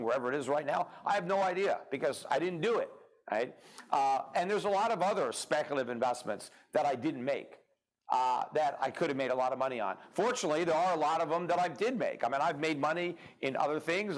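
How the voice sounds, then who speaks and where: A man's voice: on the high side, rough recording. A middle-aged man arguing bluntly in a live-streamed debate, with frequent "uh"s. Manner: blunt, dismissive, with filler "uh"s.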